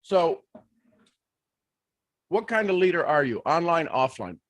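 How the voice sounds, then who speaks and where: A man giving a motivational leadership talk on a live stream, animated, full of rhetorical questions and restarts. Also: on the high side, measured pace, no echo. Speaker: leadership speaker.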